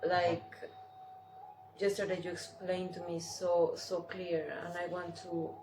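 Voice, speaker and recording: Slow, hesitant woman in an echoey room. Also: on the low side, level tone, background noise. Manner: hesitant, many "like" fillers. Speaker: co-host. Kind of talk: casual conversation.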